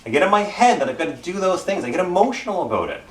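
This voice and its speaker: A man's voice: sits high, big pitch swings, racing, fairly bright tone, recorded from a distance. A middle-aged man with a Canadian accent, preaching a casual sermon full of self-deprecating personal stories. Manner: self-deprecating, storytelling, repeats phrases. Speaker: pastor. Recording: roomy church sound from off-mic.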